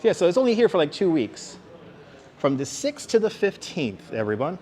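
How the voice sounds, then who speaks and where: Using a wireless clip-on mic, a man with a New York accent hosts a casual live-streamed walking tour along an outdoor city walkway in the evening, chatting with viewers and reading signs aloud. His voice is on the high side, sing-song and a little mellow, at a moderate pace.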